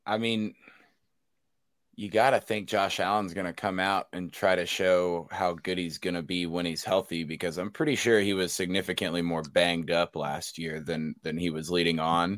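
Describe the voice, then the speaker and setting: A man's voice: low voice, steady tone, normal speed, fairly bright tone, dry recording, clean studio sound. A man co-hosting a casual sports podcast, crude and joking. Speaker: podcast co-host.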